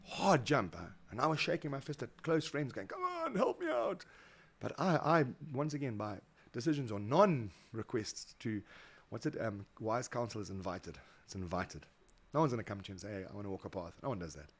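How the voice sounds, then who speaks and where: A fast-talking South African man with a low voice tells his stories as a guest in a relaxed interview. He is animated and acts out the voices of the people he quotes, often repeating his words as he goes. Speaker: guest, motivational speaker. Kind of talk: casual interview storytelling.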